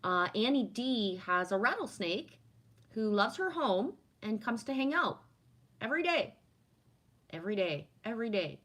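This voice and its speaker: A woman's voice: medium pitch, very animated, moderate pace. A woman hosting a livestream who chats casually, reads viewer comments aloud and muses on spiritual topics, often adding "right?". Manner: warm, affirming, spiritual musing with frequent "right?". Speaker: livestream host answering chat.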